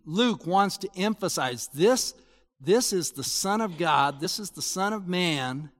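A man's voice: fairly high pitch, long reverb tail. A man preaching a sermon in an earnest, explanatory way that swells into emphatic, rising passages. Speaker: pastor.

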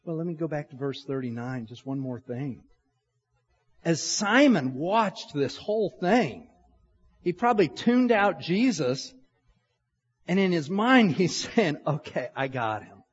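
A man's voice: fairly high pitch, lively intonation, unhurried, slightly rough. A middle-aged man preaching a sermon in a conversational, storytelling manner. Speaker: pastor. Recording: long hall reverb, dull lo-fi sound.

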